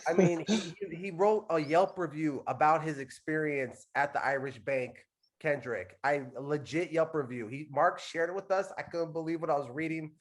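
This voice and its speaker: Slangy man retelling a friend's story. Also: on the high side. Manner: playful retelling, slangy, says "bro". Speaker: host. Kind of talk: casual chat.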